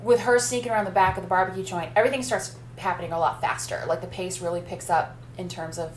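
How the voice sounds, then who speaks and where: A woman's voice: on the low side, fairly even intonation, fast talker. Woman, casual chat, detailed plot recap, echoey room, faint hum. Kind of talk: casual film discussion.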